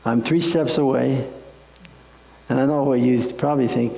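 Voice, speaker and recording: A male pastor preaches in a folksy, conversational way, telling stories to his congregation. His voice is heavily gravelly and mellow. The room is echoey. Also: mid-range voice, steady tone, normal speed. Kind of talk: sermon.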